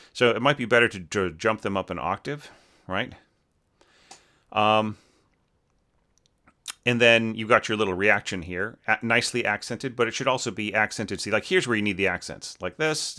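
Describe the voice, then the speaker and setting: A man's voice: on the low side, pushed and bright. A man giving casual spoken feedback on a student's orchestration, thinking aloud with fillers and tag questions. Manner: sings rhythms with syllables. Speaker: orchestration teacher reviewing student scores.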